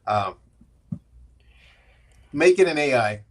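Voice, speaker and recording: A man's voice: mid-range voice, expressive, takes it slowly. A middle-aged man, a podcast guest, talking candidly in a casual interview and often restarting his sentences as he tells his story.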